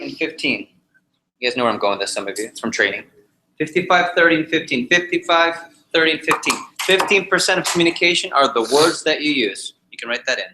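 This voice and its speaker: A man teaching a live sales training session, animated and jokey, repeating his key points to the group. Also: on the high side, echoey room, a little hiss or hum, low-quality recording. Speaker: sales trainer leading a workshop.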